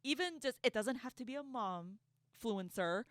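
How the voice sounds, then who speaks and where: A woman giving casual reaction commentary, sarcastic and quick to laugh, stumbling over repeated words as she rants. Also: on the high side, lively intonation, no room sound, studio quality. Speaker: online commentator.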